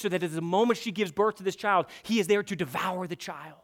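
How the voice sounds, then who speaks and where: A man preaching an expository sermon, emphatic and building to forceful peaks. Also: high-pitched, quick pace. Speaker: pastor.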